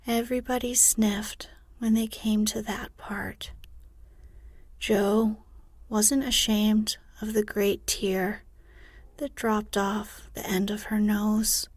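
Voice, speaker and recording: A woman reading a bedtime story in a soft, unvoiced whisper, close to the mic. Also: medium pitch, level tone, takes it slowly, no echo.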